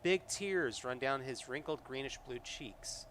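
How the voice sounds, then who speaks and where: A man runs a solo tabletop game live, reading the adventure text aloud and talking to his chat in between. He rambles, restarts his sentences and leans on lots of fillers, at an ordinary pitch for a man. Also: measured pace, a bit bright, slight background noise.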